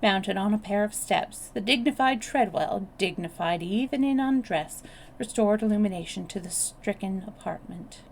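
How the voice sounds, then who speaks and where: A woman storyteller reading a novel aloud on a live stream, steady with small restarts. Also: medium pitch, normal speed, a little hiss or hum.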